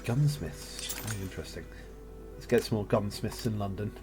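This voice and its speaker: A man's voice: on the low side, moderate pace, music in the background. A man casually commentating his own strategy game play as he thinks aloud, with jokey asides. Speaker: gameplay streamer. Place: home setup, recorded live on a voice chat.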